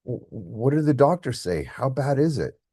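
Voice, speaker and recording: A man's voice: mid-range voice, very animated, normal speed, dark tone, breathy edge, dry recording, studio quality, voice pushed up. A man voicing a grown son, raw and emotional, who is angry at his father and later tender with him.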